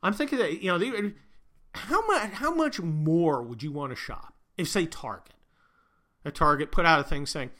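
A man's voice: a little high, animated, moderate pace, bright, forceful tone. A man hosting a podcast, ranting sarcastically and profanely in a rambling way. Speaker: podcast host. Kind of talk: sarcastic political rant.

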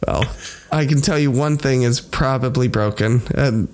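A man co-hosting a podcast in casual chat, teasing and sarcastic, sometimes shouting. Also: medium pitch, normal speed. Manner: lively, rising to shouts. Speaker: podcast co-host.

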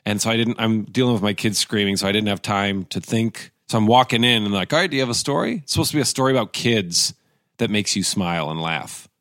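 A man's voice: lowish voice, brisk, dry recording, clean studio sound. A man, an actor, telling a long rambling anecdote in casual chat, full of restarts and asides, and acting out the voices of the people in it. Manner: animated, acts out quoted voices. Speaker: actor and guest.

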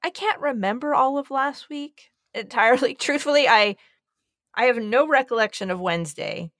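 A woman with a bright, sharp, fairly high voice co-hosts a podcast. She chats casually, wry and a touch theatrical. The recording is close and dry. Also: normal speed, dry recording. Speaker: podcast co-host. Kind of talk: casual chat.

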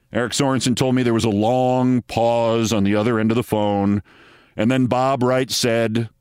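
A man's voice: medium pitch, smooth, no echo, clean studio sound. A man in his sixties hosting a political podcast, reading scripted commentary with a sardonic, dramatic storytelling delivery. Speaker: podcast host.

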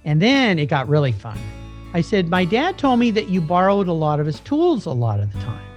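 A middle-aged man, a guest, telling a personal story in a casual, animated way, acting out the voices of the people in it. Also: high voice, fairly quick. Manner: animated, acts out quoted dialogue. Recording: slightly dull lo-fi recording with faint music.

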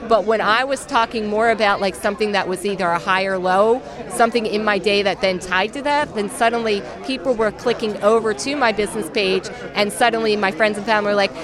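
A woman guest on a podcast talking marketing, chatty and animated, telling stories with acted-out quotes at a busy convention. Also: medium pitch, fast, hardly any pauses. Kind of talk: convention floor interview. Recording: noisy crowd around. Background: crowd chatter.

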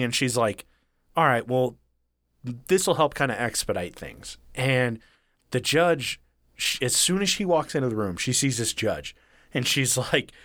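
A man's voice: medium pitch, fairly bright tone, dry recording, studio quality. A man retelling a story in casual, profane chat, acting out the lines of the people in it. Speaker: podcast co-host retelling a true story.

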